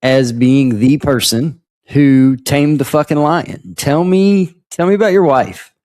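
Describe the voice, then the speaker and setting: A man's voice: mid-range voice, slow, darkish tone. A man hosting a casual podcast interview, asking questions in a laid-back, blunt and profane way. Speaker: podcast host.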